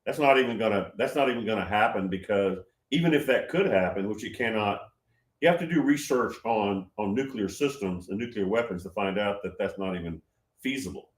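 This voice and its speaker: Male livestream host with a slightly low voice, casual and emphatic, circling back on his words, recorded with room echo. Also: brisk. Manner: rambling, repeats himself, emphatic.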